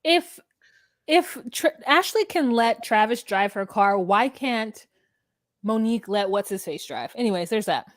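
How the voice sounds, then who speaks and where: A woman co-hosting a podcast, retelling reality show scenes in a relaxed, joking, casual way. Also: a little high, measured pace, dry recording, studio quality. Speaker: podcast co-host. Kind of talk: casual recap chat.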